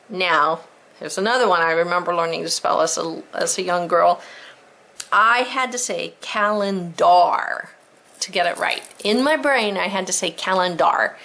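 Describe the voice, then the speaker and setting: A woman teacher slowly and clearly sounding out spelling words and letters for her students in a recorded lesson. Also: medium pitch, a bit bright, slight background noise, rough recording. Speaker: elementary school teacher.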